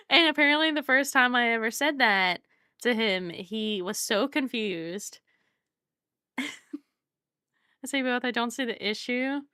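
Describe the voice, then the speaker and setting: Bright, chatty woman streamer. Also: a little high, expressive, takes it slowly, pauses often, smooth, no room sound, studio quality. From Southern United States. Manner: chatty and rambling, reads chat aloud, laughs often. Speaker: art streamer. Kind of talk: casual chat while drawing on stream.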